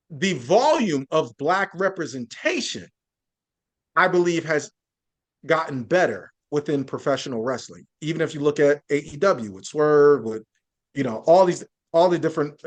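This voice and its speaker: A man speaking as a journalist guest in a podcast interview, earnest and building his points through lists and frequent restarts. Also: on the high side.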